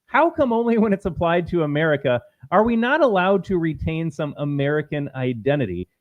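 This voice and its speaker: A male podcast co-host who talks quickly, bluntly and indignantly. His voice is a little high-pitched and recorded dry and close. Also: big pitch swings, dry recording, muffled recording. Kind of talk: heated political podcast talk.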